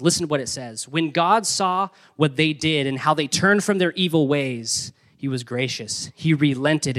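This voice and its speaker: Young male pastor, conversational and energetic sermon delivery, a touch high-pitched. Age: young adult. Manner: energetic, conversational preaching with playful emphasis.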